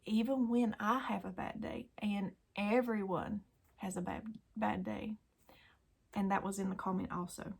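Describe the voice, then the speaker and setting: A woman hosting a daily devotional video, talking earnestly and emotionally to her viewers and often dropping to a soft whisper. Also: mid-range voice, gravelly, slightly rough. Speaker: Christian YouTube devotional host.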